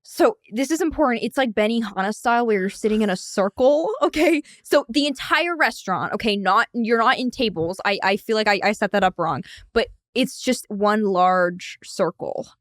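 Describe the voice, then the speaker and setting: A woman's voice: mid-range voice, moderate pace, few pauses, fairly bright tone, dry recording, clean studio sound. A young adult woman co-hosting a casual podcast chat, rambling through a made-up story with lots of "like" and restarts. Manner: rambling storytelling, heavy use of "like". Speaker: co-host.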